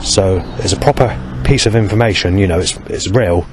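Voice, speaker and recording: A man's voice: deep voice, normal speed, noisy background. A man vlogging in a rambling, hesitant monologue, full of fillers and restarts.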